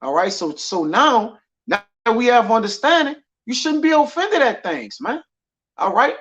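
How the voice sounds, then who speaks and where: Through dull lo-fi audio, a man's very high-pitched, sing-song voice teaches scripture conversationally at a normal pace. The tone is fairly bright, and this preacher keeps tagging his lines with "man" and "all right."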